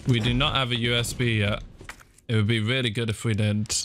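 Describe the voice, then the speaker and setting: A young man commentating his own horror game playthrough, talking through every move and breaking into shrill panicked yelps when startled. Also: fairly even intonation, brisk, noisy background. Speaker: gaming streamer. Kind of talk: let's play commentary. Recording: game sounds and clicks behind the voice.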